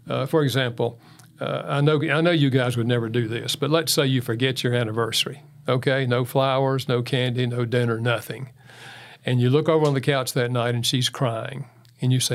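A man's voice: mid-range voice, steady tone, normal speed, vocal fry. Folksy man telling marriage anecdotes. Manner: folksy storyteller who chuckles often. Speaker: guest speaker on marriage. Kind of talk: interview talk with anecdotes.

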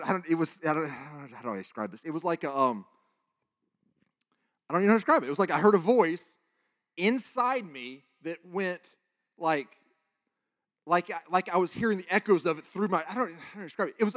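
Man, somewhat high pitch, sermon testimony, animated, stumbling restarts, hushes at tense moments. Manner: animated, halting with many restarts, dropping to a hush at tense moments. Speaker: preacher.

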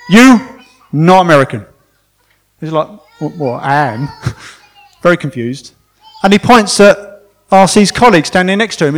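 A man, possibly middle-aged, preaching a sermon and telling a story with animated emphasis, often repeating words to stress them. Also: a little high.

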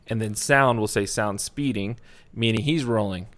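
A man's voice: fairly low pitch, fairly quick. A man who works as a film and music video director, talking casually on a podcast and acting out the calls on a film set. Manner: animated storyteller, acts out set calls and quotes.

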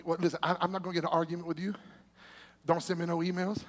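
A male preacher delivering an impassioned sermon, calling out to the congregation and swinging between shouting and hushed passages. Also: on the high side, steady tone, fast talker, long reverb tail. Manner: calls out to the congregation.

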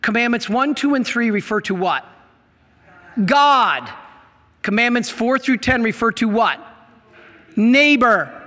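A man's voice: extremely high pitch, lively intonation, slow pace, long pauses, bright, forceful tone, big-room sound. A middle-aged man preaching a sermon to a congregation, emphatic and asking them questions. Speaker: priest. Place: church.

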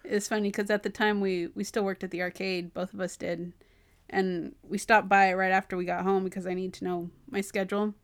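A woman's voice: mid-range voice, little pitch movement, a little fast. A woman co-hosting a podcast, telling personal stories, laughing often and acting out what others said. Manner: laughs a lot, acts out quotes of others. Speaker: podcast co-host. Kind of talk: casual chat.

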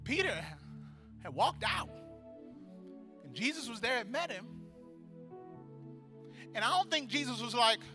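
Preacher guy, high bright voice, gets loud and fired up, soft music under him. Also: measured pace, pauses often. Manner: animated preaching that builds to shouted praise; acts out voices in the story. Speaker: pastor. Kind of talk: sermon.

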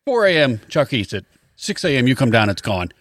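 A man's voice: mid-range voice, very animated, fairly bright tone, no room sound, clean studio sound. A man co-hosting a podcast in casual chat, laying out his argument point by point. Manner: quick, reasoning through points step by step. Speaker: podcast co-host.

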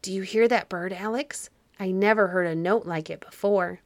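A woman's voice: medium pitch, normal speed, no room sound, natural voice. A woman voicing a young boy who listens in wonder to birdsong. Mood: curious. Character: quiet curious young boy.

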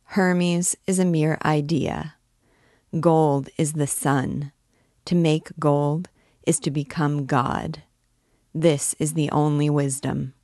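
A woman's voice: deep voice, fairly even intonation, takes it slowly, darkish tone, dry recording. A woman reading as a fiery, grandiose archdeacon. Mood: fervent. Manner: grandiose, declaiming. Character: fiery, proud male archdeacon alchemist, middle-aged.

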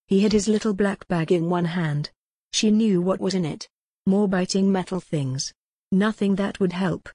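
A woman narrating a gothic novel in an even, steady storytelling voice. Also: medium pitch, moderate pace, no room sound, studio quality. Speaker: audiobook narrator.

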